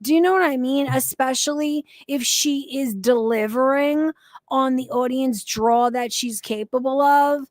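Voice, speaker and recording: A high-voiced woman rants through angry live-stream commentary, swearing freely and scolding the people she talks about. Her delivery is slow and deliberate, and the sound is dry and close. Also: dry recording. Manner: profane, ranting, heated.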